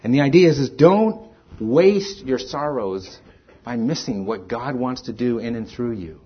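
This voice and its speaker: Husky-voiced man preaching a sermon. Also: medium pitch, animated, a little slow. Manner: earnest, rising to emphatic stresses then dropping soft. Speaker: pastor. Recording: dull lo-fi sermon recording.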